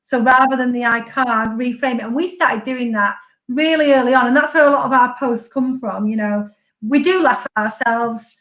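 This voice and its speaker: A woman's voice: high voice, a little fast, a bit bright, poor audio. A woman who is a guest on a podcast, chatting casually and joking, laughing often.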